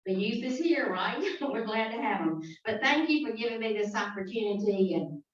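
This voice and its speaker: A woman's voice: medium pitch, animated, normal speed. Southern woman presiding at a club meeting, chatty thanks, dull distant room sound. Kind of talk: speech at a meeting. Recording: echoey hall from far off, dull sound.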